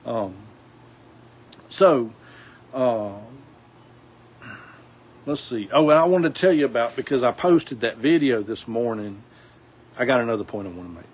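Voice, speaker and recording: A man's voice: mid-range voice, animated, unhurried, pauses often, breathy edge, low-quality recording. A man from South Alabama with a Southern accent, talking casually to his viewers in a rambling, folksy way, full of fillers and restarts. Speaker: outdoors vlogger. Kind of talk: casual talk to camera. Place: outdoors.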